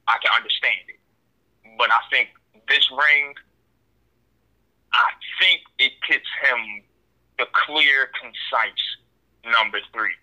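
A man co-hosting a casual sports talk show, opinionated and quick, with stumbling restarts. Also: medium pitch, pushed and bright, rough recording. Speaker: sports podcast co-host.

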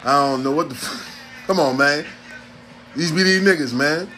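A man's voice: fairly high pitch, moderate pace, pushed and bright, slight background noise. A man, hosting a podcast in a blunt, profane, streetwise ranting monologue. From New York City. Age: 40s. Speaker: podcast host.

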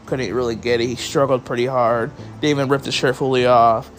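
A man's voice: medium pitch, fairly even intonation, a little fast, soft background music. A man hosting a solo podcast, talking casually and rambling to his listeners, sounding tired and yawning, with some swearing. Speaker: podcast host. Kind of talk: solo wrestling review podcast.

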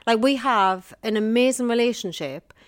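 A woman's voice: on the high side, normal speed, smooth. A middle-aged woman talks openly as a podcast guest. Her speech is casual and frank, and she laughs easily between thoughts. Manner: chatty and candid, laughs often, says "us" for "me". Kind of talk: casual conversation.

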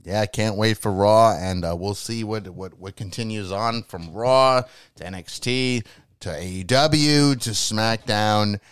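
A man's voice: lowish voice, a little slow, clean tone, dry recording. A man co-hosting a podcast in casual chat, talking loosely and swearing now and then. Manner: loose, swearing, lively delivery. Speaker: podcast co-host.

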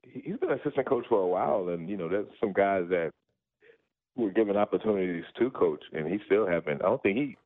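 A male caller with a very deep voice talks casually about sports. The sound is tinny, as if from a phone line. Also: lively intonation, fast. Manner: casual chat.

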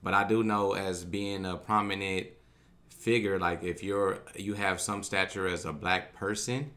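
A low-voiced man, talking in a bright, forceful tone. He rambles and argues, swearing freely in casual chat between co-hosts. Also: little pitch movement, unhurried. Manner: profane, rambling, argumentative. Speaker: podcast co-host.

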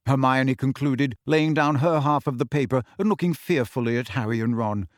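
A man's voice: medium pitch, expressive, moderate pace, hardly any pauses, dry recording, studio quality. Man reading a storybook aloud. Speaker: audiobook narrator. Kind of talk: storybook narration.

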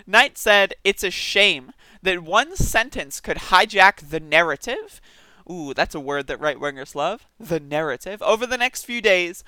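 A man's voice: high-pitched, bright, forceful tone, smooth, no echo. A man giving casual, sarcastic news commentary, reading articles aloud and reacting with disbelief. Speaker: political commentary streamer.

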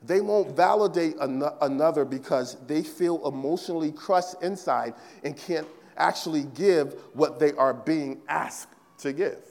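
A man's voice: a little high, a little slow, vocal fry, hardly any pauses, darkish tone, big-room sound. A male pastor preaching a sermon in a church, emphatic and repetitive, often checking in with the congregation. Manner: emphatic preaching, repeats phrases, asks "right?" often. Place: church sanctuary.

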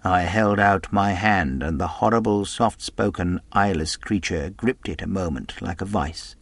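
A man narrating a classic adventure novel as an audiobook in a measured storytelling delivery. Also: deep voice, vocal fry, fairly bright tone, dry recording.

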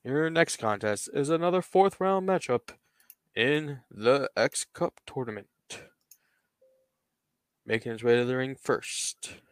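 A man's voice: mid-range voice, takes it slowly, smooth, no room sound. A man hosting a podcast, casually narrating a toy wrestling storyline play by play. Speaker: podcast host.

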